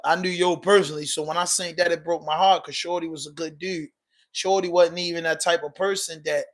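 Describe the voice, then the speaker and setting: A man's voice: fairly high pitch, fairly bright tone. A man with a Baltimore accent hosting a casual livestream podcast, talking loosely in slang while answering viewer comments. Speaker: podcast host.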